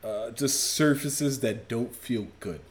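A man talking on a casual music podcast. He rants with mock outrage and swears freely. His voice sits at an ordinary, mid-range pitch. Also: slow. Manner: profane, ranting, mock-outraged.

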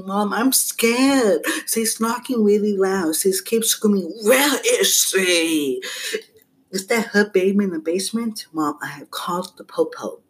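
A man reads a text-message horror story at an unhurried, steady pace, naming each sender before every message. Now and then he drops the script to chat casually with his listeners. He records at home on a simple headset mic. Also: high-pitched. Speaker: podcast host reading message stories. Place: at home with household noise around.

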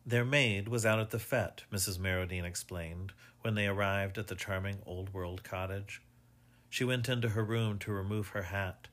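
Low-voiced male audiobook narrator. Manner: measured, even storytelling. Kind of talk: audiobook reading of a mystery story.

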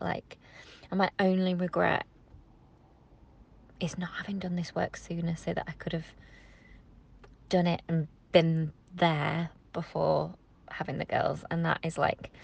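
Gravelly-voiced woman, reflective chat. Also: low-pitched. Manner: rambling and reflective, with many "like" fillers. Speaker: podcast co-host. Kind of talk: casual heartfelt chat.

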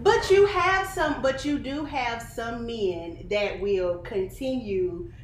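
Female podcast host, emphatic and animated, slightly high voice, echoey room with faint noise. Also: slow pace. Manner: lively, emphatic, arguing with laughter. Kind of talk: casual chat.

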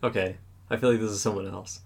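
A man with a low, gravelly voice chats on a podcast as a returning guest. His talk is loose and halting, full of stops while he hunts for a name he has forgotten. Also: fairly even intonation. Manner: halting, searches aloud for names. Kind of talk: casual chat.

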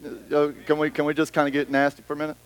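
A man's voice: fairly high pitch, monotone, quick pace, clear, resonant tone, rough recording. A man preaching a conversational sermon in church, slipping into quoted voices and back. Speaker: pastor.

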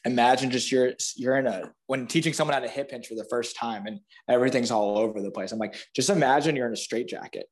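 A man chats as a podcast guest with an everyday, mid-pitched voice. His talk is loose and rambling, packed with "like" as he explains things on a close mic. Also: fast, few pauses. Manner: rambling, heavy use of "like". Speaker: guest, physical therapist. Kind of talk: casual podcast chat.

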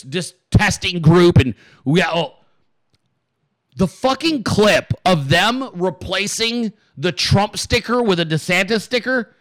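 A man with a high, bright-pitched voice rants fast and hard as a show host, swearing all the time. The sound is very dry and close, with no room at all. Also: no room sound, poor audio. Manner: fast, heated, swears constantly. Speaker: podcast host. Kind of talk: profane political rant.

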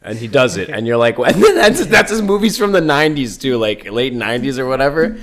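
A young man in casual chat, telling animated, profane stories and slipping into impressions. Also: mid-range voice, quick pace, a crowd in the background.

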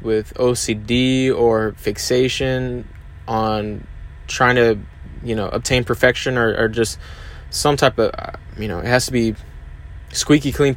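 A man hosting his own podcast, talking hesitantly and openly about his struggles, with many fillers. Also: medium pitch. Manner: hesitant, many fillers and restarts, open and confessional. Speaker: podcast host. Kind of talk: candid solo podcast monologue.

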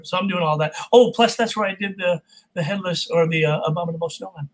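A man from California, a voice actor, chatting as an interview guest in an animated, jokey way. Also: sits high, quick pace, rough recording. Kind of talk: casual interview chat.

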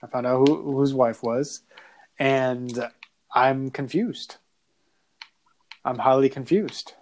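Laughing, animated male podcast host. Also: medium pitch, slow, slight background noise. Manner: animated storytelling, laughing often, crude. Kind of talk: casual chat.

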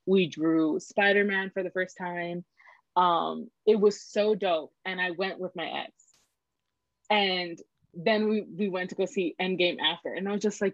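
A woman's voice: lowish voice, unhurried, no echo. A woman in her twenties, a podcast guest telling a story in casual chat, acting out dialogue with lots of fillers. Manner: animated, acts out dialogue, many fillers. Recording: dull lo-fi dry recording.

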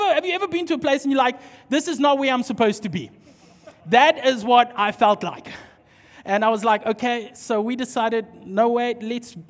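High-voiced pastor preaching. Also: male voice. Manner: animated storytelling, acting out dialogue. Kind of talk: sermon with storytelling. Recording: long hall reverb.

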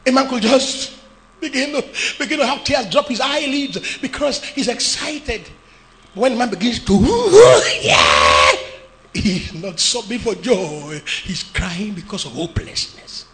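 A man preaching a sermon as pastor, emphatic, with phrases shouted and sung out. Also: very high voice, huge pitch swings, unhurried. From Nigeria.

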